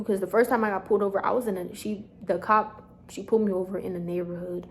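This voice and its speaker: A young woman, telling a storytime vlog straight to her viewers in an animated, chatty way. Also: mid-range voice, fast talker, a little hiss or hum. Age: young adult. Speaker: vlogger.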